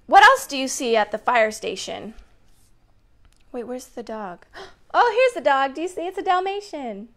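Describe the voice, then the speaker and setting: A woman's voice: high-pitched, very animated, normal speed, a bit bright. A young adult woman hosting a children's story time, reading picture books aloud in an upbeat, chatty way and asking the kids lots of questions.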